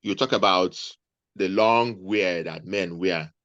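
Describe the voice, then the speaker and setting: A man, a guest on a video call, giving measured, deliberate advice to nurses. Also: low voice, a bit bright, dry recording, lo-fi sound. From Nigeria.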